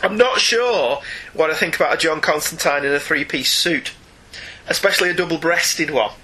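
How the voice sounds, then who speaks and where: An English man co-hosting a casual comics podcast, chatty and animated with jokey asides. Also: on the high side, normal speed, slightly rough. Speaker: podcast co-host.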